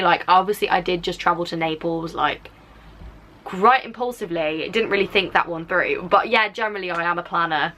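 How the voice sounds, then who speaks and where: A teenage English woman from the Black Country chatting casually to camera, rambling with lots of "like" fillers in a softened accent. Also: mid-range voice, a little hiss or hum. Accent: softened English, drifting toward Black Country. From Black Country, England. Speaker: YouTuber. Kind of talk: casual reaction chat to camera.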